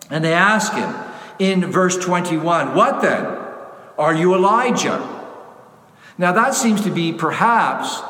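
A man preaching a sermon as pastor, measured and emphatic, repeating key phrases for weight. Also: on the high side, a bit bright. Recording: echoey hall.

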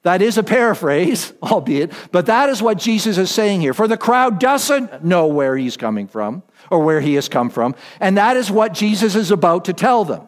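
A man preaching a sermon as pastor, deliberate and emphatic, repeating his key phrases. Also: high voice, sing-song, big-room sound.

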